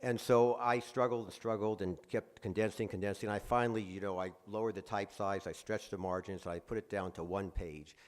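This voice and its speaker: Brief: male guest speaker, lowish voice, conversational lecture, halting with restarts. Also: fairly even intonation. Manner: conversational, many fillers and restarts. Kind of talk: lecture-style talk. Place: presentation room at a museum.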